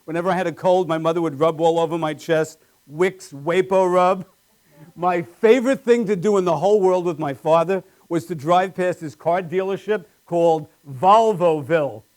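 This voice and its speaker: A man's voice: high voice, moderate pace, darkish tone. A man doing a live stand-up routine with wry, self-deprecating punchlines on a small comedy stage.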